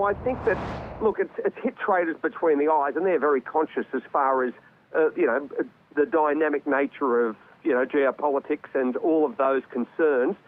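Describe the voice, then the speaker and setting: A man giving live market commentary as a guest over a remote link, conversational with many fillers and repeated words. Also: a little high. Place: remote link from another city. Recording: tinny phone-like remote line.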